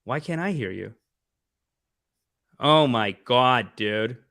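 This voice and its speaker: A man's voice: mid-range voice, lively intonation, slow, fairly bright tone. A man hosting a casual podcast, profane and rambling in his banter. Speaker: podcast host.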